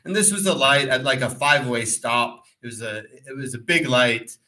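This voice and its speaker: A man co-hosting a podcast, telling a rambling, animated story in casual talk and acting out the voices in it. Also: medium pitch, moderate pace, rough recording. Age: adult, former pro cyclist. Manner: rambling, animated, acts out quotes. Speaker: podcast co-host.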